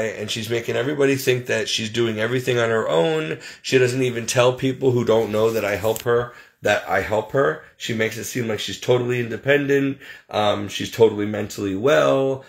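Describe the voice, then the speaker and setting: A man's voice: medium pitch, moderate pace, creaky. A man talking straight to his viewers in a casual vlog, listing his troubles in a plain-spoken, exasperated way. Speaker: vlogger. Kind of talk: casual personal venting to camera.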